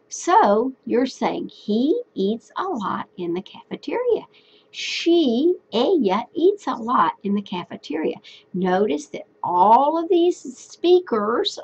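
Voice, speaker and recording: A woman teaches a recorded lesson in a husky, slightly high voice that rises and falls a great deal. She talks slowly and patiently, repeating each phrase step by step. The sound is dull and lo-fi, like a home video recording. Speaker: Spanish teacher.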